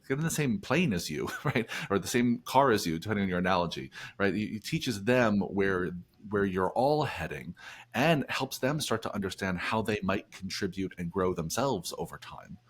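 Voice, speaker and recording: Low husky-voiced podcast host. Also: male voice. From New Jersey. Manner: chatty and upbeat, restarts phrases often. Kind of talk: casual podcast conversation.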